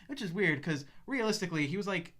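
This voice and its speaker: A man in his twenties tells a story in casual podcast chat, bright and forceful in tone. He is animated, laughs often and slips into voices of the people he quotes. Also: sits high, fast, slight background noise. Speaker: podcast co-host.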